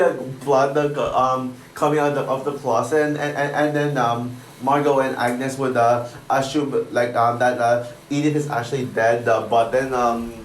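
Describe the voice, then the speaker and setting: A man giving a casual spoken movie review, rambling, with many fillers and stutters. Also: medium pitch. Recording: echoey room with faint noise.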